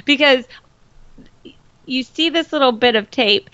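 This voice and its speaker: A woman chatting casually about a TV episode, animated and laughing, often mimicking characters. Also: high-pitched, a little slow, no room sound. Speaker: podcast co-host. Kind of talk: casual TV recap chat. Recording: dull, lo-fi dry recording.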